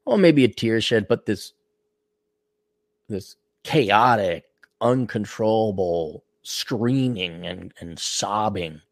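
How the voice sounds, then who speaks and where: Brief: older male podcast host, sick, gravelly, animated swearing rant, dry close sound. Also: fairly low pitch, takes it slowly, no room sound. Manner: profane, sarcastic, reads donor messages aloud. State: sick, clearing his throat. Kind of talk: casual ranting monologue.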